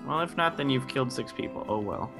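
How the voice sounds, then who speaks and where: A man co-commentating a game in casual chat, with dry, deadpan teasing. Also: medium pitch, fast, creaky, music in the background.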